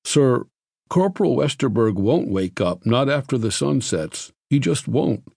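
A man's voice: mid-range voice, expressive, measured pace, gravelly, a little mellow, dry recording, studio quality, voice pushed up. A male narrator voicing a polite, stolid young soldier who apologetically refuses. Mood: apologetic.

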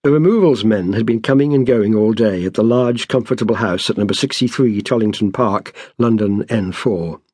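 A man, the author, narrating an audiobook in a measured, even storytelling manner. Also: lowish voice, breathy edge, no echo, studio quality.

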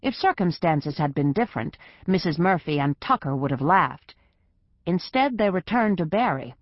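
A woman reading an audiobook in measured, even scripted narration. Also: on the low side, no room sound, dull audio.

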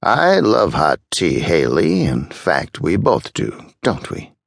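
A man's voice: sits low, huge pitch swings, takes it slowly, creaky, husky, no echo, clean studio sound, full character voice. A man voicing a frantic old male patient who pleads urgently in an audiobook.

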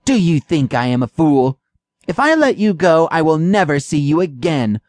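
A woman voicing a ruthless male cat who threatens slowly and coldly in a storybook. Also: low voice, big pitch swings, a little mellow, no room sound, pitched above the performer's own voice. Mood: suspicious. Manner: slow, threatening.

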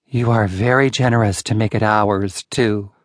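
A man's voice: lowish voice, fairly even intonation, moderate pace, no echo, clean studio sound, lightly acted. A man voicing a polite young wife in an audiobook story, asking mild, probing questions.

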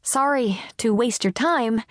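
A woman voicing a sardonic, self-mocking teenage girl who talks quickly and chattily. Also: a little high, no room sound, clean studio sound, natural voice. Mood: chatty.

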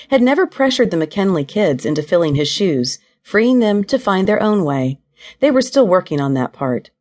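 Low-voiced woman narrating an audiobook. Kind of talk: scripted narration of a novel.

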